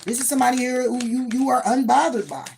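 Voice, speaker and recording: A woman's voice: high voice, fast, gravelly, background noise. A woman giving a casual tarot reading, sassy and emphatic, often repeating her points. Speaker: tarot reader.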